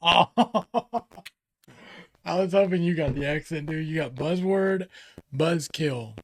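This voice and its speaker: Male podcast co-host, somewhat higher voice, loose rambling banter. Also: takes it slowly. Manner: rambling, joking, full of "you know". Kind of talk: casual chat.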